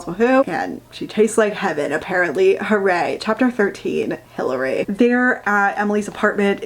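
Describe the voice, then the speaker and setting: A woman giving a casual, sarcastic rant review of a book, swearing freely and sounding exasperated. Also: medium pitch.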